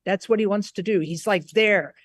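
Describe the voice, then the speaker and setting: A woman Buddhist teacher telling a story on a video call, unhurried and given to restarts and repeated words. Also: medium pitch, no echo, studio quality. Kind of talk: storytelling in a recorded conversation.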